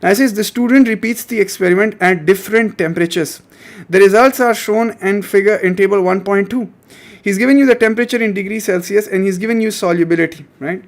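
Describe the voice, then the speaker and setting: High-voiced man teaching chemistry. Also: fast talker. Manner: coaxing, repeats questions to students. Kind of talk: online exam-prep lesson.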